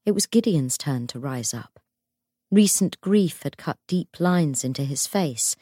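Woman narrator, low voice, measured dramatic reading, dry close sound. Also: lively intonation, dark tone, no room sound. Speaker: audiobook narrator. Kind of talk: scripted narration.

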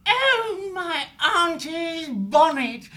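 A man's voice: very high-pitched, big pitch swings, drawn-out words, bright, forceful tone, pitched above the performer's own voice, heavily acted. A man voicing a weary young male hare recruit grumbling in a plummy drawl. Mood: complaining.

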